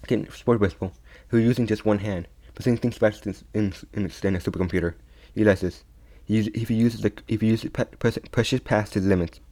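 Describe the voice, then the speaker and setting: A young man telling a fan story in a loose, unscripted way. His voice sits a little low, and he keeps stopping, repeating words and starting over. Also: dark tone. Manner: halting, many restarts and repeats. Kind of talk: casual retelling of a fan story.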